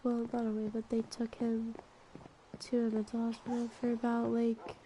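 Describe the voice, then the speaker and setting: A young woman rambling through a personal story, full of filler words, sometimes dropping to a soft whisper. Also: a little high, completely flat delivery, normal speed, a little hiss or hum, low-quality recording. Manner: drops to soft whispers at times. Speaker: gaming vlogger. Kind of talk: storytime while playing a game.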